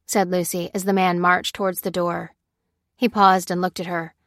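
A woman with a lowish voice narrates a scripted story at a moderate pace, keeping her delivery steady and even. The recording is dry, with clean studio sound.

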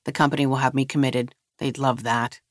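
Read by a narrator, a weary, contemptuous man speaks in a hoarse, croaking voice after nearly dying. He sounds groggy and resentful. The recording is dry and close. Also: mid-range voice, level tone, a little fast, no room sound, close to an everyday voice. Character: bitter, groggy man recovering from an overdose. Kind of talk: audiobook character voice.

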